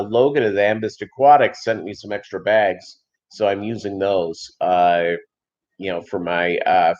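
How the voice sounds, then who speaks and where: A man hosting a fish-keeping channel, chatting casually and rambling with many fillers on a live stream. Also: fairly low pitch. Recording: dull lo-fi sound.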